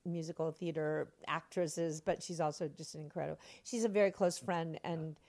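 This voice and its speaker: A woman's voice: low voice, normal speed. An older woman, a stage actress being interviewed, telling stories with lots of expression and frequent laughter. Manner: expressive, laughing often, acts out quotes. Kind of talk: animated anecdotal storytelling.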